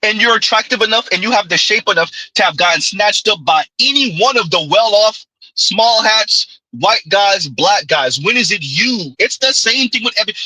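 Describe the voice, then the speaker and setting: A man's voice: high-pitched, lively intonation, normal speed, pushed and bright, breathy edge, no echo, rough recording. A man, giving an opinionated commentary monologue with emphatic call-outs and rhetorical asides. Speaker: commentary vlogger.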